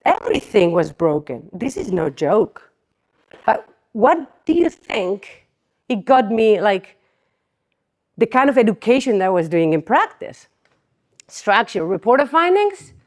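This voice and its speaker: A woman's voice: mid-range voice, unhurried, pauses often. Chatty woman speaking at a conference. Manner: lively storyteller who acts out dialogue with patients; chatty, fills speech with "like" and asides to the audience. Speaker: chiropractor giving a conference talk. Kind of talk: conference presentation. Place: conference hall stage.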